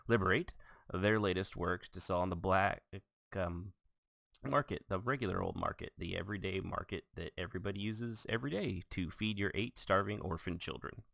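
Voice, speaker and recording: A man doing a gravelly fantasy ad announcer. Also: deep voice, a bit bright, no echo. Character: male fantasy ad announcer, sneaky thief.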